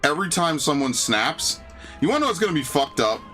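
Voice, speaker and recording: A man's voice: a little high, big pitch swings, brisk, pushed and bright, faint music behind. A man streaming a game, reading its dialogue aloud and ranting in crude, sarcastic jokes. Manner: crude, sarcastic, jokey rants. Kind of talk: casual gameplay commentary.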